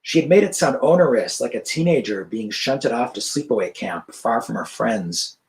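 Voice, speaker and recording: A man's voice: medium pitch, expressive, moderate pace, rough recording. Man reading his novel aloud. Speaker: author. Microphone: video call.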